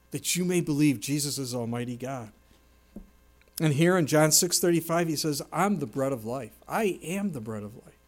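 A man's voice: fairly high pitch, darkish tone. A man preaching a sermon in an earnest, emphatic way, quoting and explaining scripture. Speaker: pastor.

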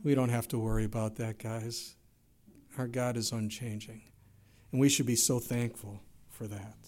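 A middle-aged man preaching a sermon, telling stories in an animated way and jumping his voice up for quoted lines. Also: mid-range voice, normal speed. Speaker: pastor.

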